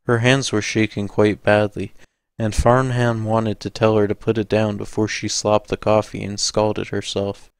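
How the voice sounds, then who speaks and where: A man narrating an audiobook in a measured, steady way. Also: lowish voice, gravelly, clean tone, dry recording.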